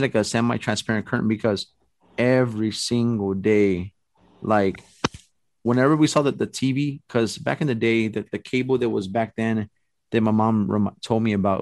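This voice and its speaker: A man casually telling a long story, rambling and animated, full of fillers. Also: lowish voice, dry recording. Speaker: storyteller guest. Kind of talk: casual chat.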